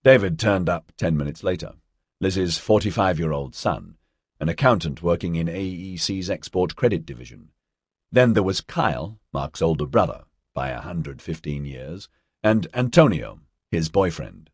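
Male audiobook narrator, deep and husky, expressive delivery, dry booth sound. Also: normal speed, no room sound. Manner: steady storytelling with lightly voiced dialogue. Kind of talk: scripted narration.

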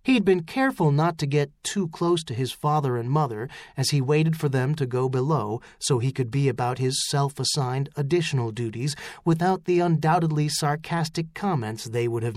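A man reading a novel aloud as an audiobook narrator, telling the story in a measured way. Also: mid-range voice, no echo. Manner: measured storytelling, rising into shouts for character lines. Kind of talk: scripted narration.

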